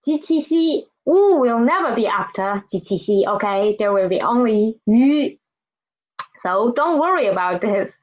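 A woman with a high voice teaches a Mandarin lesson at an unhurried pace. She repeats each sound several times and keeps checking in with her listeners. The recording is a little dull and lo-fi. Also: animated, darkish tone. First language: Filipino. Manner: slow, patient, repeats each sound and asks "right?" and "okay?". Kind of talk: online language lesson.

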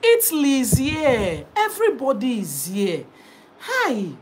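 A young Nigerian woman hosting a casual live stream, lively, reading out viewer comments and mixing in Igbo and Pidgin. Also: sits high, takes it slowly, a little hiss or hum. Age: young adult.

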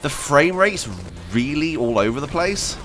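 A man's voice: fairly high pitch, expressive, unhurried, a bit bright, slight background noise. A man hosting a gaming video, chatting casually and rambling while he plays, laughing often and talking to himself. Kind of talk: casual gameplay commentary.

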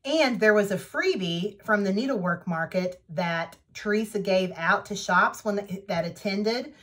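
Woman doing a needlework vlog, slow easy talk, chatty and excited. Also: medium pitch. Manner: chatty and enthusiastic, unhurried. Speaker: needlework vlogger. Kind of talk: casual show-and-tell chat.

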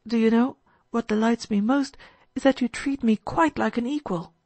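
A woman doing an excitable teenage boy. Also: a little high, normal speed, no echo, pitched above the performer's own voice. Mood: excited. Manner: gushing, breathless enthusiasm. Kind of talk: audiobook character voice.

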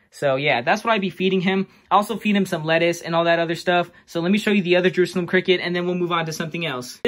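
Young guy with a raised pitch, excitable and slangy, casual vlog chat. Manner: slangy, excitable, self-mocking. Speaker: pet keeper showing his bugs.

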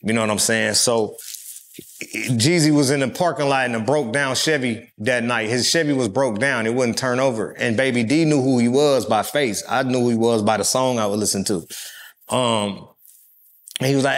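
A man's voice: medium pitch, moderate pace. A middle-aged man from California, a rapper telling stories in a casual interview with loose, profane street talk and frequent fillers.

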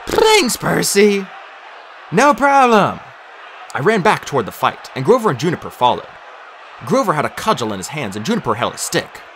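Man, audiobook narrator, mid-pitched voice, expressive and animated, dramatic reading. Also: a little hiss or hum. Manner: animated, acts out shouted lines.

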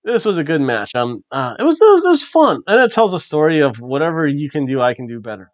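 A man hosting a casual wrestling review, chatty and animated with lots of fillers. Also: on the high side, fast, dry recording. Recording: dull, dry lo-fi recording.

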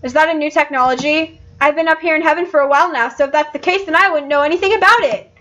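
A bubbly heaven dog. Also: female voice, sits high, quick pace, fairly bright tone, dull audio, pitched above the performer's own voice. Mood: cheerful. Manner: squealing, bubbly. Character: cheerful excitable female dog spirit.

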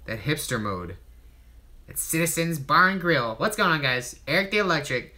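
A man's voice: a little high, big pitch swings, normal speed, bright, forceful tone. A man hosting a casual livestream, joking and mocking himself with lots of swearing while he cooks. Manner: profane, joking, self-mocking.

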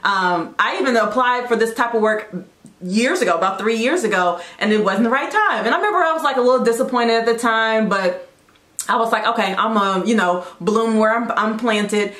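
A woman's voice: on the high side, a little fast, fairly bright tone. Upbeat encouraging woman in a roomy space. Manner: upbeat and encouraging, chatty with side notes. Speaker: host of a faith talk show. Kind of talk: casual devotional talk.

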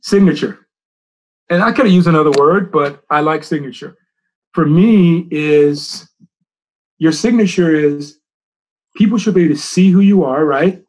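A man's voice: fairly high pitch, measured pace, pauses often, a little mellow, low-quality recording. A middle-aged man who coaches soccer, giving a presentation and telling stories, repeating his key phrases for emphasis.

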